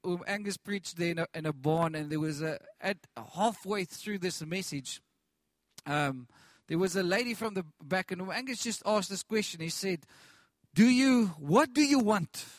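A man's voice: high-pitched, a bit bright, no room sound. A man preaching a sermon with passion, repeating phrases, restarting lines and calling out to the congregation.

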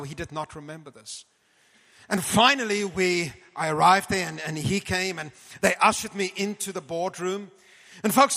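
A man telling a story in an animated sermon, often calling his audience folks and clearing his throat. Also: high voice. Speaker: preacher. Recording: long hall reverb.

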